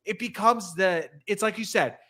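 A man with a high, bright voice chatting casually. He gushes with enthusiasm, his phrases tumbling out quickly. The tone is lively and forceful. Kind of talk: casual conversation.

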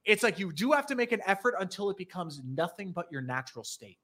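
A man with a high, bright voice chatting casually. He gushes with enthusiasm, his phrases tumbling out quickly. The tone is lively and forceful. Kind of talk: casual conversation.

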